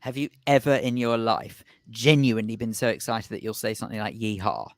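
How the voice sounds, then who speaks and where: A man's voice: lowish voice, fairly quick, no echo, studio quality. A man co-hosting a radio show, teasing and asking wry questions. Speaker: radio co-host. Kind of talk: casual comedic chat.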